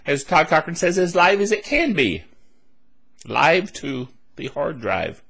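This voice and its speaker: A man's voice: fairly high pitch, sing-song, measured pace, vocal fry, a bit bright, breathy edge. A man hosting a solo tech news podcast, chatty and rambling with laughs and asides, his throat a little dry. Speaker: podcast host.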